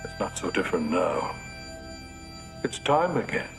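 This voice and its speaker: A menacing middle-aged cult leader speaks in a deep, gravelly voice. His delivery is slow and solemn, like a ritual. Music plays underneath this film clip. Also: sing-song, a bit bright, full character voice. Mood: ominous.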